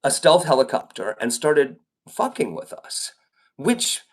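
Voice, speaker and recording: Guy streaming live, rambly storytelling, cussing, voice bounces all over, kinda high. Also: big pitch swings, measured pace, husky. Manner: rambling, profane, with many fillers and restarts. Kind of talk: casual storytelling to a live chat.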